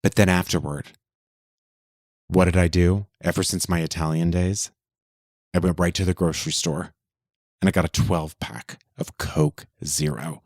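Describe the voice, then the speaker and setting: Campy deep-voiced man, chatty podcast host. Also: fairly even intonation, normal speed, pauses often, a little mellow, no echo, clean studio sound. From Texas. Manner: campy, dramatic storytelling. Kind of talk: casual chat.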